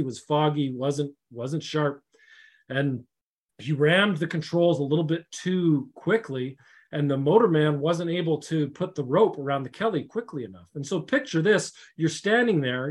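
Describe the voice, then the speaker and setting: A middle-aged man, a safety consultant, earnestly telling a story in casual conversation, with many restarts and fillers. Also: fairly high pitch.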